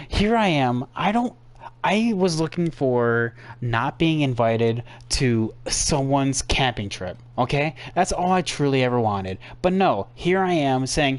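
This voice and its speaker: A man's voice: mid-range voice, sing-song, unhurried. Sarcastic young man streaming a game. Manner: sarcastic, exasperated, rambling. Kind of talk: casual gameplay commentary.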